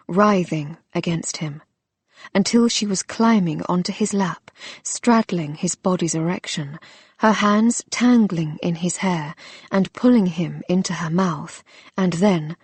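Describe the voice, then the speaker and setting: A woman narrating a romance audiobook in a soft, intimate, unhurried manner. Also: lowish voice, slightly rough, no echo.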